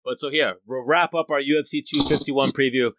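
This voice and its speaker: A man's voice: medium pitch, fairly even intonation, a little fast, fairly bright tone, no echo, lo-fi sound. A man co-hosting a podcast, laid-back, reading out fight stats in casual chat.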